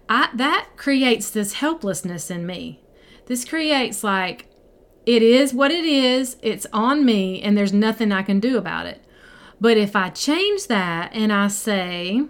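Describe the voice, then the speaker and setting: A woman's voice: mid-range voice, fairly bright tone. Encouraging woman coach talking casually. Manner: conversational, encouraging, direct. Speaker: mindset coach and podcast host. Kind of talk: casual live teaching to a group.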